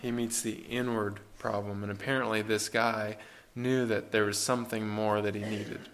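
A man's voice: fairly low pitch, flat delivery, moderate pace, fairly bright tone, a little hiss or hum. Earnest man preaching conversationally. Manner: earnest, conversational, with restarts and rhetorical questions. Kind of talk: sermon.

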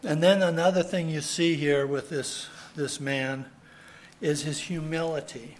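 A man's voice: on the high side, fairly even intonation, unhurried, slight background noise. A man preaching a sermon in an earnest way, repeating his key phrases for emphasis. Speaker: pastor.

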